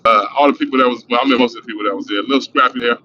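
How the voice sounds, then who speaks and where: Bright-voiced man telling a rambling story. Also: medium pitch, fairly even intonation, racing. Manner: profane, rambling street storyteller. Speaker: livestream host telling a story. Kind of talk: casual storytelling. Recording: dull lo-fi sound with faint noise.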